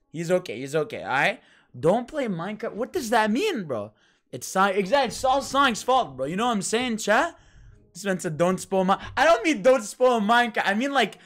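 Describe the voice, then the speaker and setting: A live game streamer chatting with viewers, excitable and profane, often shouting in disbelief. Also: medium pitch. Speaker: livestreamer. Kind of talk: live gaming stream chat.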